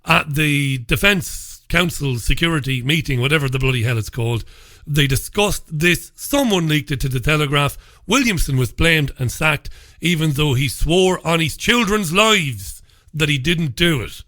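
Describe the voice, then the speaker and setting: A man's voice: on the high side, normal speed, sharp tone, no echo, studio quality. A man hosting a radio talk show, reviewing the papers alone in a blunt, sarcastic and mocking way, often laughing at his own stories. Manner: blunt and profane. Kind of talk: solo commentary reviewing newspapers.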